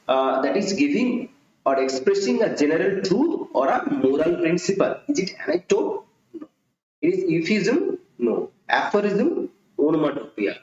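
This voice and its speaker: A man, reading exam questions aloud and repeating phrases as he answers them himself. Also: on the high side. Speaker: tutor. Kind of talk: exam prep lecture. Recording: roomy, dull lo-fi recording.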